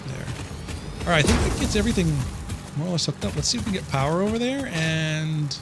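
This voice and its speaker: Male streamer, casual live play-by-play, somewhat high voice, audible background noise. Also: expressive, quick pace. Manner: chatty, easily confused, reacts to chat aloud. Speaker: game streamer. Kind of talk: casual live gameplay commentary.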